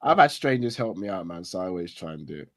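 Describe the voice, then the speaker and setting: A man's voice: deep voice, sing-song, fast, a bit bright. A man from sharing chatty anecdotes as a co-host of a casual podcast chat. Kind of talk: casual banter.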